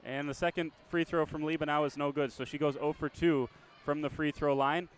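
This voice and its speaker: A man calling a high school basketball game play-by-play, chatty and quick to correct himself with a small laugh. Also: steady tone, clean tone. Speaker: play-by-play announcer.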